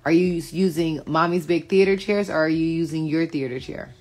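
A middle-aged woman in casual chat to camera, relaxed and slangy, bantering playfully with her daughter. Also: deep voice, a little fast, faint music behind. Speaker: vlogger and mother.

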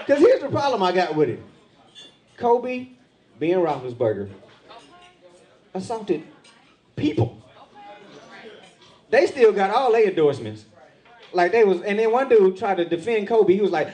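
A man's voice: high-pitched, normal speed, pauses often. A man doing stand-up on a comedy club stage, acting out quoted voices. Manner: animated, acts out quoted voices. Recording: live club with loud crowd laughter. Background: crowd laughing.

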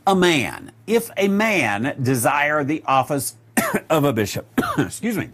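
A male Bible teacher works through scripture verse by verse at an unhurried pace. His voice moves up and down a lot, and he stops often to reach for the next word. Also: on the high side, wildly swooping pitch, fairly bright tone, husky. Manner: unhurried, with many filler pauses; reads scripture aloud and explains it.

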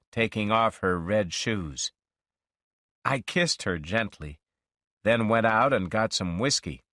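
A man narrating a story slowly and expressively for English learners. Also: on the low side, fairly bright tone, no room sound, clean studio sound.

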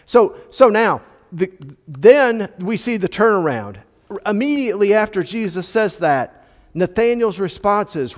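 Male church teacher, explanatory and emphatic, somewhat high voice, recorded with a long hall tail. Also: big pitch swings, a little slow. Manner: explanatory, stressing key words, frequent fillers. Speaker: Bible study teacher. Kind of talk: teaching a church Bible class. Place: church classroom.

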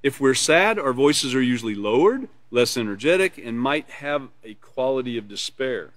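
A man's voice: medium pitch, animated, moderate pace, a bit bright, no room sound. A man teaching a live online character education class, reading from a course manual and explaining it in an earnest, explanatory way. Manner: earnest, explanatory, laughs and smiles while teaching.

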